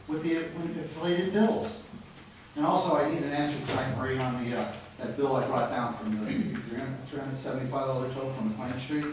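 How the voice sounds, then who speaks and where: Heard from a distance in a heavily echoing council chamber, this man has a mid-range voice and a moderate pace, with a little background noise. He is a resident at public comment, and his blunt, rambling remarks start out frustrated and turn loud and accusatory.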